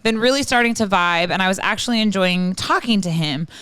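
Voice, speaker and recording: A woman's voice: mid-range voice, a little fast, a bit bright, clean tone, dry recording, close to an everyday voice. A woman reading a listener's email aloud in a put-on Irish accent that wavers, in a playful manner. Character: young woman letter-writer in an Irish accent.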